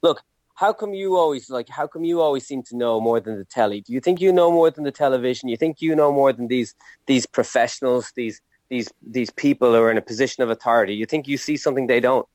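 A man's voice: mid-range voice, fast talker, a little mellow, dry recording, close to an everyday voice. A man voicing a mother who nags her son with incredulous questions. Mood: scolding. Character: scolding mother lecturing her know-it-all son.

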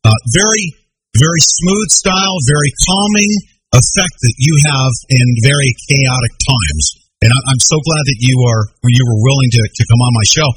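A man's voice: medium pitch, normal speed, husky, rough recording. A man hosting a talk radio show, interviewing a guest, often repeating words as he talks and giving out the call-in number.

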